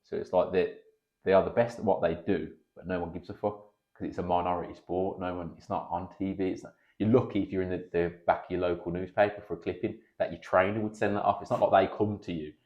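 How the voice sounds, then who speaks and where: A man, a pro kickboxer and coach chatting as a podcast guest, telling animated stories and swearing freely. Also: sits low, fast talker, lo-fi sound. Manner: animated storyteller, swears freely, acts out quotes. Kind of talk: casual podcast chat.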